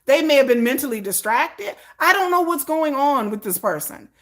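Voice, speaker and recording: A woman's voice: high voice, lively intonation, moderate pace, a bit bright. A woman host ranting through a commentary vlog, sarcastic and exasperated, swearing freely and mocking others in exaggerated voices. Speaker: K-pop news commentator.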